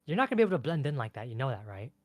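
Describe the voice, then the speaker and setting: A man's voice: medium pitch, big pitch swings, very fast, no room sound, studio quality, close to an everyday voice. A man voicing a bossy young female ice fairy who is pushy and fires off exasperated questions.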